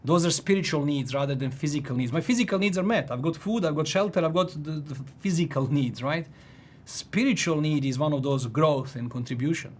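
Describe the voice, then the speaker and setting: A man in his forties telling a personal story in casual chat, animated, restarting sentences and laughing often. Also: on the high side, fairly quick. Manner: animated, frequent restarts and laughs, "if you know what I mean".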